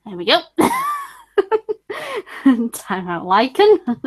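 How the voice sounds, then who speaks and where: A woman's voice: sits high, huge pitch swings, very slow. A woman with a northern English accent, casually chatting on a stream and laughing often. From northern England. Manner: giggly, laughs often between remarks. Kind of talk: casual chat.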